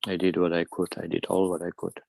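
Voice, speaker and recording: A man's voice: sits low, completely flat delivery, fast talker, creaky, a little mellow, dry recording. A man in an online group meeting who speaks hesitantly, stammering and breaking off mid-sentence. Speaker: meeting participant. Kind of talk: halting personal talk in an online meeting.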